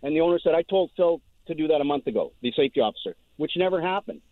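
A man calling in to a radio show, telling his story quickly and rambling, often repeating words. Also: on the high side, animated, no echo. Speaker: caller. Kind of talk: phone-in storytelling. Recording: tinny dry phone line.

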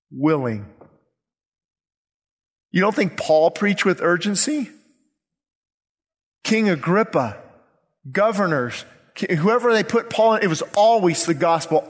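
Guy preaching hard, pretty high voice, keeps repeating himself, echoey church hall. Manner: urgent, impassioned preaching with repeated phrases. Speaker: pastor. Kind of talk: sermon. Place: church sanctuary. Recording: long reverb of a church hall.

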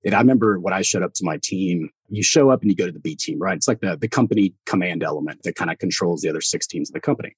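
Husky-voiced former soldier telling stories. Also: male voice, low voice, no room sound. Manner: animated storyteller who acts out quoted voices and laughs often. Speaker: podcast guest, former Army Green Beret. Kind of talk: casual storytelling conversation.

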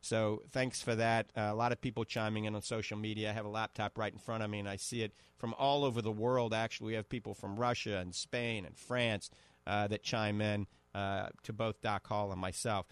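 A man's voice: lowish voice, flat delivery, brisk, clean tone, no echo. Salesy male radio host. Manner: salesy, repeats prices and product names. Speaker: radio health show host. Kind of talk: radio show promoting products.

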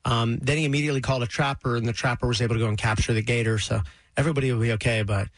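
A man's voice: mid-range voice, steady tone, very fast, no echo. A man hosting a morning radio show, chatty and upbeat, laughing often from a studio microphone.

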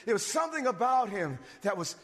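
A man preaching a sermon, animated, swinging between loud bursts and low asides. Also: a little fast, husky. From suburbs. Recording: long reverb of a hall.

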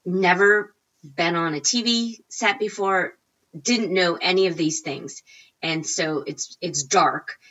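Animated storytelling woman, bright voice. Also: slow, lo-fi sound. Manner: animated, acts out quotes with big pitch jumps. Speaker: guest, recipe blogger. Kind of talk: casual storytelling interview.

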